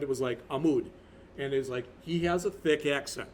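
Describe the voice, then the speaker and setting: A college instructor in his fifties talks through a recorded lecture in a medium-pitched voice, fairly quickly, with slight background noise. His delivery is rambling and conversational, with many restarts.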